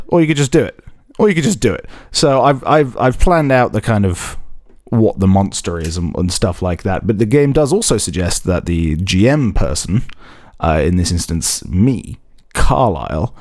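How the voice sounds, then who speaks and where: A man's voice: fairly low pitch, darkish tone, dry recording, clean studio sound. A man hosting a tabletop role-playing podcast as game master, chatty and joking, laughing often. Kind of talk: casual tabletop podcast chat.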